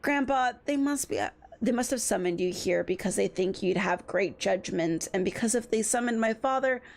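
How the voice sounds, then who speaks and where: A woman's voice: medium pitch, moderate pace, vocal fry, slight background noise, natural voice. A woman as a wry, composed young woman. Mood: calm.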